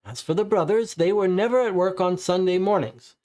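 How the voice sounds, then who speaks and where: A man putting on a high, pleading male suspect. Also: fairly quick, warm tone, natural voice. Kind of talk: read-aloud case file role-play.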